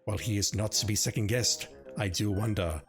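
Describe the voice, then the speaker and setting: A man's voice: on the low side, brisk, natural voice. A man voicing a scheming evil male wizard, reading a letter with theatrical pomp over game music.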